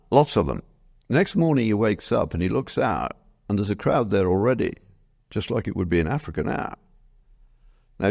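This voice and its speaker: A man, a professor, giving a lecture to a live audience as an animated storyteller who keeps asking his listeners questions. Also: fairly low pitch, vocal fry.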